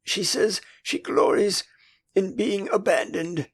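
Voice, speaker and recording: A man's voice: sits high, steady tone, slow pace, breathy edge, pitched above the performer's own voice, full character voice. An older man with an English accent voicing a frank, anxious, puzzled boy in an audiobook. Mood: boyish. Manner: boyish, frank, uncertain. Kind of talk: audiobook character voice.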